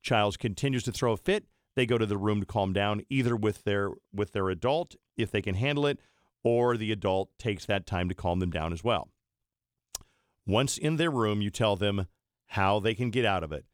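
A man's voice: fairly low pitch, normal speed, clean tone, no room sound, studio quality. A middle-aged man, hosting a radio talk show and telling stories in a blunt, opinionated way.

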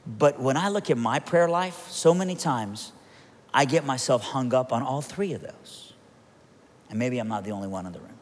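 A man preaching a sermon, telling a story with lively acted-out quotes and joking asides before turning to prayer. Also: medium pitch, moderate pace. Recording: long hall reverb.

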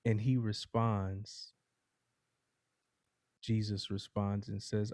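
Slow, mellow-voiced male preacher. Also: mid-range voice, fairly even intonation, no room sound. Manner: slow dramatic storytelling. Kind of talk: sermon with a told parable.

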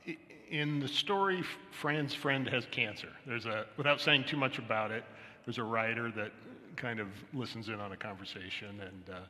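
A man interviewing an author at a live onstage event, asking halting, careful questions. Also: medium pitch, sharp tone. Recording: reverberant hall recording.

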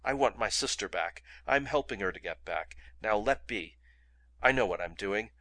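A man voicing a forceful, commanding man who barks urgent orders. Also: lowish voice, expressive, normal speed, no room sound. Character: forceful commanding man protecting his sister.

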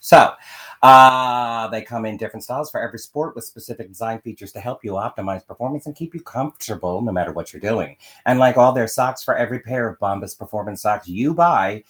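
A man from Philadelphia co-hosting a podcast in casual, animated chat with many fillers and asides, also reading an ad. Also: mid-range voice, fairly quick. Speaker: podcast co-host. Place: vacation spot.

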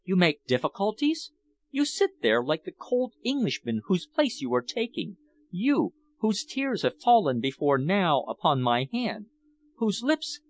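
Guy doing a lovesick princess, begging, voice goes up high and swings a lot. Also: big pitch swings, measured pace. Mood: reproachful. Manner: imploring, raised pitch. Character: passionate pleading foreign princess, woman.

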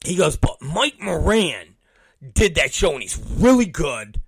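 A man telling a profane story, acting out both sides of old conversations and mimicking others in low, mumbling voices. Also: very animated, a little slow, vocal fry, slightly rough, no room sound, clean studio sound. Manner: acts out both sides of conversations, swears constantly.

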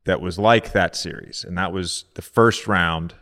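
A man co-hosting a podcast, telling stories about his career in an animated way, laughing as he goes. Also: low voice, measured pace, in a large hall. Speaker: podcast co-host. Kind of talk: casual interview chat.

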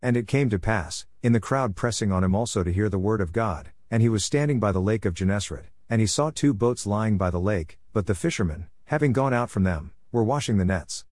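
A man reading scripture aloud in a steady, measured way, phrase by phrase. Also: lowish voice, no echo. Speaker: scripture reader.

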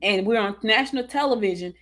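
A woman in casual conversation, affirming and quick to react, sharing her own story. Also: on the high side, a bit bright.

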